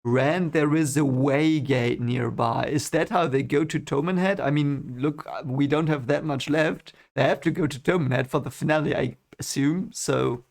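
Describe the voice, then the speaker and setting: A man's voice: on the high side, normal speed, gravelly, few pauses. A man reading a novel for the first time and reacting in a chatty, casual way, laughing often. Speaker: book reader reacting to a novel.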